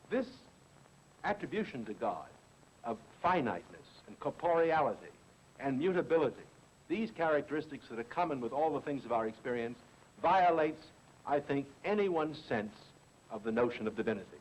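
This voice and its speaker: A middle-aged man, a philosopher and teacher, giving a deliberate, emphatic lecture with repeated stresses on key words. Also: fairly high pitch, sing-song, poor audio.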